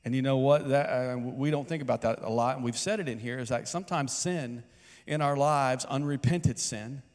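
A male pastor delivering a sermon in a mid-pitched voice, talking to the congregation as if in conversation and asking them questions. His voice rings out with the long reverb of a big church hall. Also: moderate pace. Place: church sanctuary.

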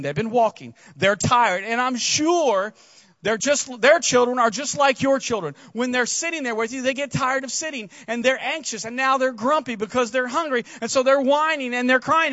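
A man preaching a casual sermon, retelling a story in an animated way with frequent restarts. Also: very high voice, brisk, no echo, muffled recording. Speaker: pastor.

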